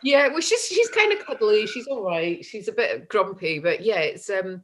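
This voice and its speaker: A woman's voice: mid-range voice, lively intonation, normal speed, fairly bright tone, a little hiss or hum. Chatty Scottish woman in her forties. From Scotland. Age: 40s. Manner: chatty, laughs often, acts out voices in anecdotes. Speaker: guest. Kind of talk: casual chat.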